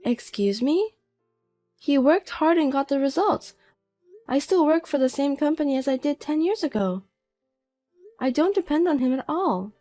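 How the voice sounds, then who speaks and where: A middle-aged woman voicing a calm, proud mother who speaks in a cool, dryly mocking way, in a narrated audio drama. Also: high voice, normal speed, pauses often, soft background music.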